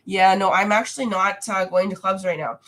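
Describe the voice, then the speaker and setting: This livestream host, a young adult woman answering viewer questions from home, talks frankly and reads comments out loud. She has a medium-pitched, somewhat bright voice with fairly even intonation and a moderate pace, stuffy and nasal after a recent cold.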